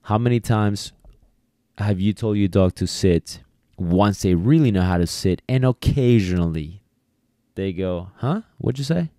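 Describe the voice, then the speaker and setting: In a solo podcast lesson on dog training, a man talks in a casual, repetitive way and performs snippets of dialogue. His voice is low and dark, a little slow, and the studio-quality recording has no echo.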